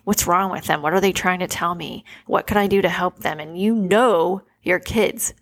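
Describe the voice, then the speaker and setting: Earnest gravelly-voiced woman chatting. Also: lowish voice, normal speed. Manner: earnest, emotional, peppered with "like". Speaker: podcast host. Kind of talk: casual conversational storytelling.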